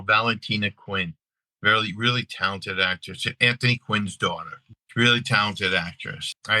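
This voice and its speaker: A middle-aged man from Long Island with a New York accent, an actor telling stories in a casual interview, animated and repeating his words as he acts out scenes. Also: fairly low pitch, no room sound, rough recording. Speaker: actor and guest.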